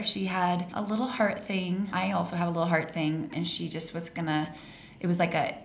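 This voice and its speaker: A woman in her forties from Colorado tells personal stories in a casual, animated way. Her voice is lowish with plenty of gravel. The room is echoey with a faint hiss behind. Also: moderate pace. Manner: animated, laughs through stories. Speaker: guest. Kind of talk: casual storytelling interview. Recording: roomy echo, faint hiss.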